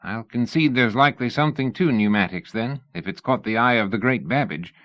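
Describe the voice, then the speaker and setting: A man's voice: mid-range voice, fairly quick, no room sound, lightly acted. A man voicing a wry skeptical scientist. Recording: dull lo-fi audiobook recording.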